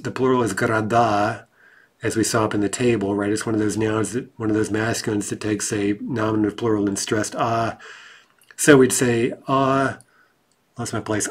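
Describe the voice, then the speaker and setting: Patient man teaching a grammar lesson. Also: mid-range voice. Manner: patient, explanatory, frequent "right?" and "uh". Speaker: language teacher.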